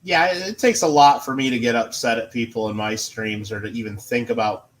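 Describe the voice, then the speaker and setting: A man chatting in a relaxed, hesitant way while playing a game on a live stream, often laughing and trailing off. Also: mid-range voice, fairly quick. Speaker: streamer and chat moderator. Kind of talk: casual stream chat while gaming.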